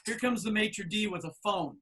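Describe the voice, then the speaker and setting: A middle-aged man telling a long anecdote on a podcast, acting out the people he quotes in loud, animated voices. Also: sits high, normal speed, crowd noise. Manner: animated storyteller, acts out quoted people loudly. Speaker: podcast co-host. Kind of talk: casual storytelling.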